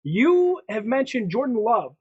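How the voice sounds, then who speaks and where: A man's voice: very high-pitched, big pitch swings, unhurried, darkish tone, husky. A man hosting a sports prediction podcast, chatting casually in a presenting style, often restarting his sentences. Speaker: podcast host. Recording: dull lo-fi sound.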